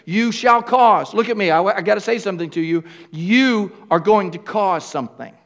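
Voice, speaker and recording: A male pastor with a notably high voice delivers a fervent sermon to his congregation. His preaching is emphatic, urging the listeners and calling out to them. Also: a little fast. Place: church before a congregation.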